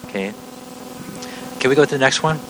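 A middle-aged man preaching in an earnest, step-by-step teaching voice that keeps circling back and restarting its sentences. His voice sits at an ordinary male pitch, with a faint hum in the background. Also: fairly quick, low-quality recording. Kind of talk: teaching sermon.

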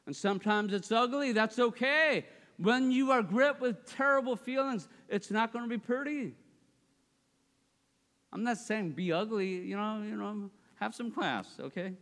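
A man preaching in a hall with a long, ringing reverb. His voice is high and bright, and his delivery is animated, jumping from loud, high bursts to hushed, low asides. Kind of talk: sermon.

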